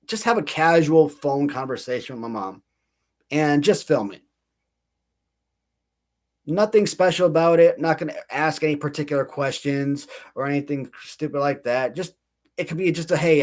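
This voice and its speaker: A man in his thirties hosting a casual livestream, rambling and laughing at himself between stories. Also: a little high. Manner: rambling, self-mocking, laughs often, many restarts. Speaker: channel host.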